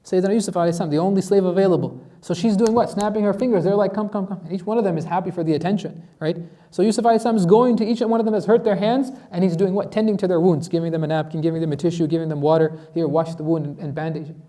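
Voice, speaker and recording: A man's voice: high-pitched, racing, warm tone. A man teaching a conversational Quran lesson as an imam, telling the story with rhetorical questions and acted-out quotes.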